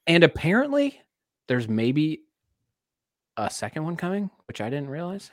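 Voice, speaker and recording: A man's voice: fairly high pitch, wildly swooping pitch, moderate pace, no room sound, studio quality. A man co-hosting a movie podcast, chatting casually and giving enthusiastic opinions. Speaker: podcast co-host. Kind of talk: casual chat.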